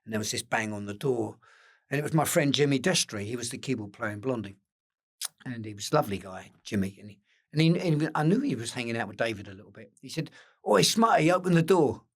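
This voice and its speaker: Older essex bloke, casual chat, animated storyteller, mid pitch. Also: male voice, fast talker. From England. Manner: animated anecdotes with acted-out quotes, occasional swearing. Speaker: interview guest.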